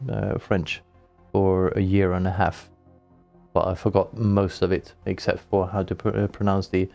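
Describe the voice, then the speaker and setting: A man co-hosting an online radio show, chatting casually in a halting way full of fillers, with dry humor. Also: low-pitched, little pitch movement, creaky, a little mellow, faint music behind.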